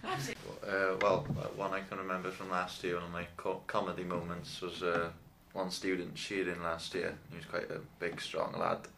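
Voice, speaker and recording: A man's voice: deep voice, flat delivery, moderate pace, vocal fry, noisy background. A man teacher telling a humorous anecdote in an interview, chuckling as he goes.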